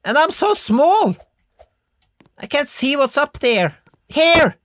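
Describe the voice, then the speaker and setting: A woman giving excitable let's-play commentary, yelping and giggling as she plays. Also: sits high, slow pace, no room sound. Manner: excitable, yelps and giggles while playing. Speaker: gamer.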